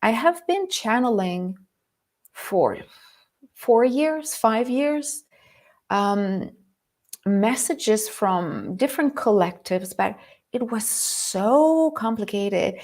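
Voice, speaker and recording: A woman from France with a French accent, hosting a live spiritual talk and greeting viewers by name in an excitable way. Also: fairly high pitch, extremely slow. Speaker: host and lightworker mentor.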